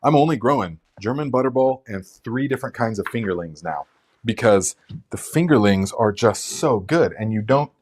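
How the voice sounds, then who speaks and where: A man's voice: on the low side, expressive, moderate pace, a little mellow. A man hosting a casual live gardening Q&A, chatty and rambling, with lots of fillers and restarts. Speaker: gardening channel host.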